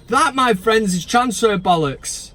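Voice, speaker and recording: A man hosting a fan channel, talking in a sweary, sarcastic, animated rant. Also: high voice, unhurried. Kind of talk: ranting casual vlog.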